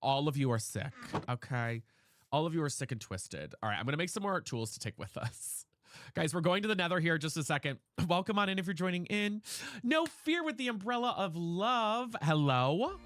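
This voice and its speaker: Brief: male game streamer, bright and animated delivery, sassy and dramatic, faint hiss behind. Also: fairly high pitch, brisk. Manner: sassy, dramatic, chatty with chat. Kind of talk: live gameplay streaming with chat.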